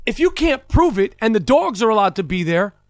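A man's voice: high-pitched, big pitch swings, fairly quick, no echo. A man hosting a talk show, ranting heatedly and profanely with incredulous outrage. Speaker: host. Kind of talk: profane comedic rant.

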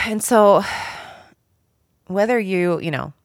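A woman's voice: lowish voice, lively intonation, unhurried, pauses often, no echo, studio quality. A woman hosting her own podcast, talking candidly and emotionally about her work and her book, with many fillers. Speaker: podcast host and author. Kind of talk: reflective solo podcast talk.

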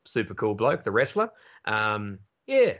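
An Australian man talks in a low voice, spinning animated anecdotes and swearing freely as a comedy podcast guest. The audio is dull and lo-fi. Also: a little slow. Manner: animated storyteller, swears freely, acts out quotes. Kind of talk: casual podcast chat.

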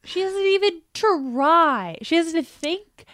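A woman's voice: very high-pitched, slow pace, dry recording. Sarcastic woman podcast co-host, dry mic. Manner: sarcastic, animated riffing with quoted voices. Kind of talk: casual chat.

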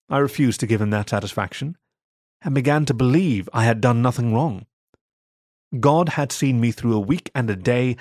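A man narrating a first-person story in a steady, measured reading. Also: medium pitch, no echo, clean studio sound.

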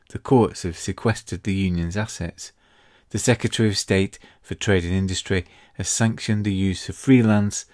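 A man as game master, narrating the opening of a tabletop game in a steady, dramatic way. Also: low-pitched, no echo, studio quality. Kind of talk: scripted scene-setting narration.

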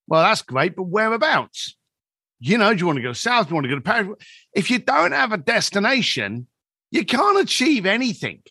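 Animated man in his fifties telling stories. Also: high voice, fairly quick, breathy edge, no echo, clean studio sound. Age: 50s. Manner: animated storyteller acting out quoted dialogue. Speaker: podcast guest. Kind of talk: storytelling in a podcast conversation.

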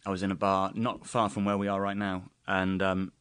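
A man's voice: low voice, monotone, normal speed, a bit bright, clean tone, dry recording. A man from England with an English accent, a comedian telling anecdotes in a casual chat and laughing often. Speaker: guest comedian.

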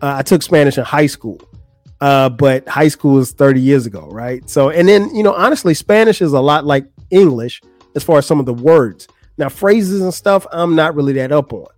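A man's voice: a little high, lively intonation, normal speed, darkish tone, no echo, faint music behind. A man in his forties from the United States, hosting a podcast and telling a story in loose, slangy casual talk with restarts. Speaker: podcast host.

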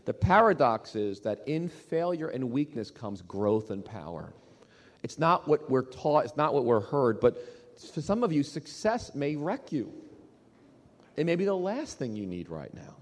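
A man's voice: mid-range voice, big pitch swings, measured pace. A man preaching a sermon as pastor, speaking emphatically, repeating key phrases and putting questions to the congregation. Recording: long hall reverb.

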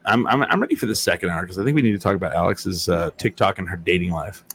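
A man hosting a casual chat. He tells stories in a lively, profane way and acts out what people said. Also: deep voice, fast, slight background noise. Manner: animated, profane storytelling with acted-out quotes. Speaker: host.

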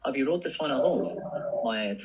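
A man hosting a horse racing tips show with a husky voice, briskly reading odds and handing over to panelists. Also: medium pitch, lively intonation, noisy background. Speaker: host. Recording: dull lo-fi audio.

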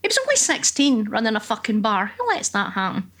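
A woman's voice: a little high, huge pitch swings, a little fast, a bit bright. Sweary Glaswegian woman telling stories. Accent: Glaswegian Scottish. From Scotland (Glasgow). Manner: blunt and sweary, laughs often, acts out voices in her stories. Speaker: guest. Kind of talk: casual conversational storytelling.

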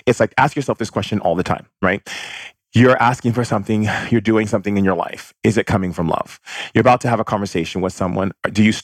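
A man's voice: lowish voice, dry recording. A man giving a spiritual monologue with an emphatic manner, repeating phrases over and over like a chant. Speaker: spiritual speaker.

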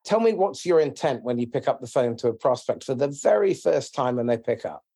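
A man with a husky voice interviews a guest about selling. He asks curious questions, jokes around and restarts his sentences as he thinks. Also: mid-range voice, expressive, a little fast, warm tone. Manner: curious, joking, hesitant restarts. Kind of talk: conversational interview.

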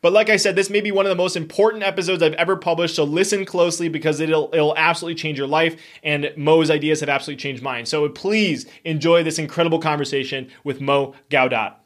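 A man's voice: fairly high pitch, steady tone, fast talker, few pauses, fairly bright tone. A young man hosting a podcast, upbeat, effusive and emphatic as he welcomes listeners and introduces a guest. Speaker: podcast host. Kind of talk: enthusiastic podcast intro and interview.

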